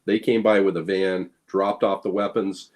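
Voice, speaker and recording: Speaking at a moderate pace in a low, level, slightly dark voice, this blacksmith guest shares offhand stories riddled with fillers and false starts. He plays up the dialogue, performing each quoted line with a grin in his tone.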